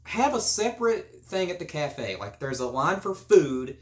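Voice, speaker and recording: A man's voice: a little high, big pitch swings, measured pace, reverberant. A man hosting a podcast, chatting casually in a joking, rambling way. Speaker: podcast host. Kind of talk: casual chat.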